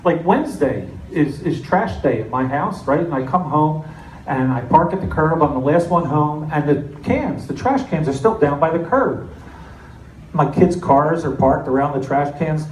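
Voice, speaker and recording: A middle-aged man from New Jersey doing a stand-up comedy set with deadpan, self-mocking storytelling. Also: a little high, moderate pace, far from the mic. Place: comedy club stage. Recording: echoey club with audience noise. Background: audience laughter.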